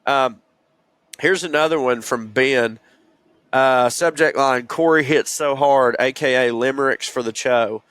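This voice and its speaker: A man's voice: medium pitch, measured pace, a bit bright, clean tone, no room sound. A man with a Southern accent co-hosting a podcast, chatting casually and reading listener emails aloud in a storytelling way. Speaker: podcast co-host.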